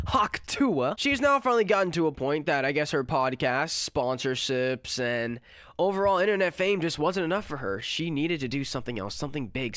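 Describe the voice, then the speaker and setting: A man's voice: a little high, a bit bright, dry recording, studio quality. A sick young man with a nasal voice, giving crude, sarcastic commentary as a channel host. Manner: sarcastic, crude, fast-cracking jokes. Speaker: commentary YouTuber. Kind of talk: mocking internet commentary.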